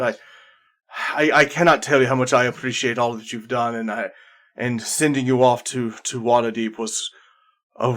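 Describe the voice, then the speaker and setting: A regretful older mentor, as a man puts him on for a tabletop game. He speaks at a middling pitch in an earnest, halting way, stumbling over his apologies. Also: fairly bright tone, close to an everyday voice. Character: older male mentor, stern but regretful. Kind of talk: voicing a character in a tabletop game.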